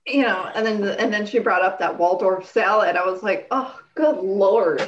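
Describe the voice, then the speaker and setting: A woman in her late thirties co-hosting a podcast, chatting casually in a blunt, profane, animated way. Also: medium pitch, fairly quick, dull audio, slight background noise. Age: 30s. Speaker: podcast co-host. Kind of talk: casual chat.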